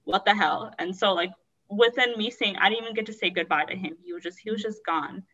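A woman's voice: mid-range voice, brisk, sharp tone, far from the mic, highs cut off. Woman telling a painful personal story. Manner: candid, rambling, many "like"s. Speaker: guest sharing her story.

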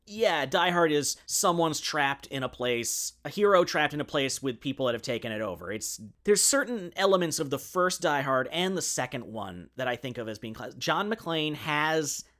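A man's voice: on the high side, lively intonation, normal speed, hardly any pauses, fairly bright tone. A man co-hosting a podcast, chatting casually about a film with plenty of "like" and fillers. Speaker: podcast co-host. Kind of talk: casual movie discussion.

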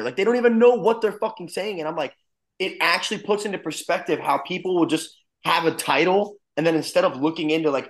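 A man's voice: a little high, fast talker. A man in his twenties from Florida, a wrestling coach talking bluntly and swearing freely in casual podcast chat. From Florida, USA. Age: 20s.

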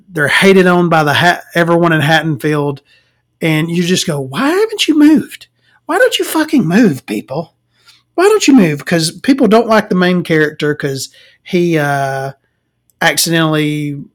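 A man with a fairly high voice rants about a film, rambling and sarcastic. He swears freely and breaks into laughter at his own jabs, like a casual home vlog review. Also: fairly bright tone. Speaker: movie reviewer. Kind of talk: rambling movie rant. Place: home recording, eating and drinking.

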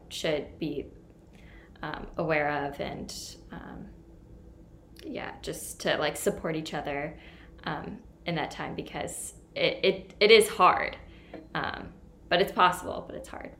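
Hesitant woman, slow and roomy. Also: on the low side, slight background noise. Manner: soft-spoken, hesitant, many fillers. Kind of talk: casual podcast conversation. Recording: roomy, set back from the mic.

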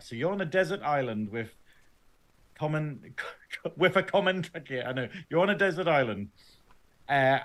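A man's voice: medium pitch, fairly bright tone. A man with a northern English accent, co-hosting a fan podcast, who teases and rambles casually and laughs often. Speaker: podcast co-host. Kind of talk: casual chat.

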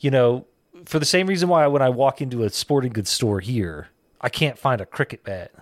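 A man co-hosting a podcast, chatting casually, skeptical and halting, with frequent restarts. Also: mid-range voice, dry recording. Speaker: podcast co-host. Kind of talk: casual chat reviewing a web series.

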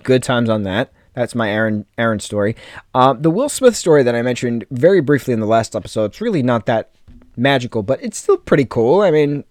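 A man's voice: mid-range voice, expressive, darkish tone, no room sound, clean studio sound. A young adult American man telling a rambling personal story in a casual podcast, full of fillers and jokey asides. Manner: chatty, lots of fillers, quick jokey asides. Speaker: podcast host.

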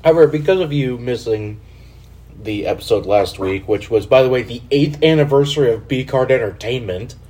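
A man's voice: medium pitch, lively intonation, brisk, darkish tone. A young man hosting a casual podcast, joking, swearing and hyping up introductions like an announcer. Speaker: podcast host.

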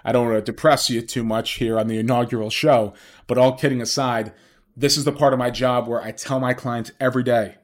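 A man's voice: medium pitch, fairly even intonation, fairly quick. A man who hosts a podcast as a financial planner, explaining things in a solo monologue and putting rhetorical questions straight to his listeners.

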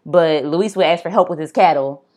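Young female podcast host with a low voice; casual, blunt true-crime storytelling with asides to listeners. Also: normal speed, darkish tone.

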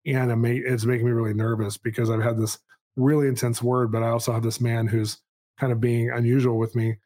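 A man in his forties, a podcast host, telling a personal story in a casual, animated way, with quick asides and a self-amused tone. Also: mid-range voice.

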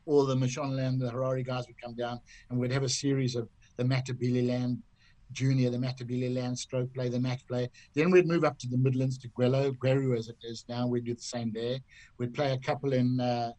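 Older Zimbabwean raconteur telling golf stories. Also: male voice, medium pitch, fairly quick, no room sound, poor audio. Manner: lively raconteur who acts out other people's voices. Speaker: guest, golf commentator. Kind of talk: anecdotal storytelling.

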